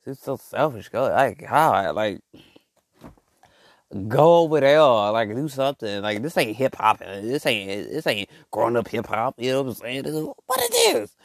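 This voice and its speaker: A man's voice: mid-range voice, measured pace, no echo, studio quality. A man ranting in a loose, rambling comic monologue, full of slang and filler words. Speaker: podcast host. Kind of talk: comedic rant monologue.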